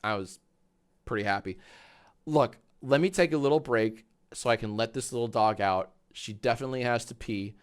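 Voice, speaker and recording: A man in his thirties hosting a live stream, chatting casually and rambling, swearing freely and switching to a high baby voice for his dog. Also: moderate pace, clear, resonant tone. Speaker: livestream host.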